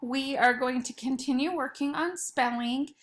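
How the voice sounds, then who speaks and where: A woman's voice: sits high, normal speed. A woman teacher giving a spelling lesson to young students, sounding out words patiently.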